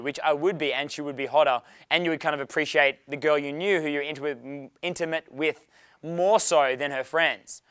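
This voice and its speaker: A man's voice: fairly high pitch, steady tone, a little fast, a bit bright, clean tone, no echo. A young man running a dating seminar Q&A, brash and profane, laughing often. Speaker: dating coach. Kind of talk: live seminar Q&A.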